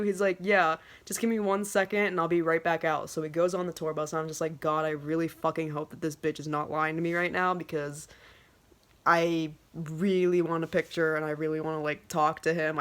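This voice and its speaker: A woman in her twenties telling a casual storytime vlog, swearing constantly and talking excitably. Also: sits low. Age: 20s. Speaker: vlogger.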